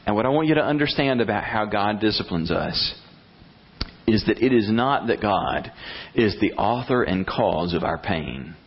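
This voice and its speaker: A man preaching a sermon as pastor, animated and blunt, acting out prayers in a rising voice. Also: fairly low pitch, normal speed, husky, lo-fi sound.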